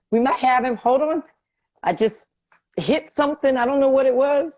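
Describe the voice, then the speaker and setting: A woman with a high, animated voice speaks at a moderate pace, pausing often, her tone warm. She's hosting a casual live stream and talking to herself as she wrestles with the app, getting frustrated while fixing the tech. The recording is dry, with dull lo-fi stream audio.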